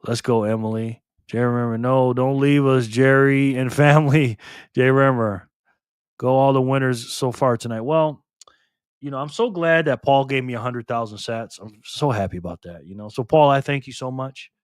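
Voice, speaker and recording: A man's voice: mid-range voice, moderate pace, smooth, dry recording, studio quality. A tired man hosting a casual livestream, laughing often as he reads chat aloud. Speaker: livestream host.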